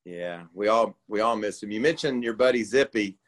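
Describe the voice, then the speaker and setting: A man with a lowish voice hosts a podcast, talking at a normal speed as he chats casually and asks his guest friendly questions. The recording quality is low.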